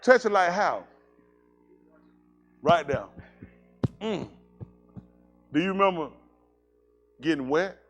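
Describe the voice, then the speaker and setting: High, lively-voiced male pastor. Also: takes it slowly, long pauses, faint music behind. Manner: animated, teasing, bursts into loud exclamations. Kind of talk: casual joking banter turning to preaching.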